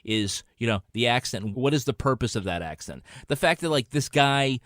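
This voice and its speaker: A man's voice: mid-range voice, lively intonation, normal speed, a bit bright, dry recording, clean studio sound. A man co-hosting a podcast review, teasing his co-hosts in an easygoing way. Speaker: podcast co-host.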